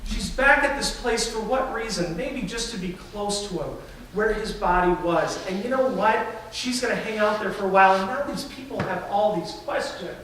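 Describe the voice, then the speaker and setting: A man delivers a sermon, animated and storytelling, now and then slipping into the voices of the people in the story. His voice sits high for a man. The sound is distant and washed in heavy church reverb, with faint room noise underneath. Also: normal speed. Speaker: pastor. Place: large church sanctuary. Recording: echoey church from far off.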